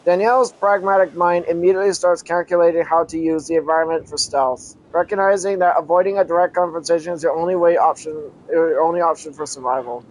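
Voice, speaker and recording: High-voiced man reading a story aloud. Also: fairly even intonation, poor audio. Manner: halting reading with frequent self-corrections and restarts. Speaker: channel host. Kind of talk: reading an adventure story aloud with casual asides.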